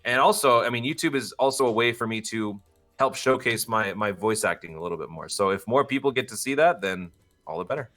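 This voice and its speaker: A man's voice: on the low side, a little fast, a bit bright, faint music behind. A man, a voice actor and podcast guest, chatting casually in long, musing stretches. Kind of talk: casual chat.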